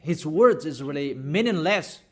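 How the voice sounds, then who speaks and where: High-voiced man preaching emphatically. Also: lively intonation, unhurried. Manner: emphatic, repetitive preaching, reads out verses. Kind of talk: sermon.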